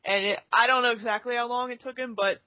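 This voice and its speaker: A man's voice: very high-pitched, steady tone, quick pace, smooth, dry recording. A man on a casual game podcast who chimes in with short, eager remarks. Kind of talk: casual chat. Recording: dry, dull lo-fi sound.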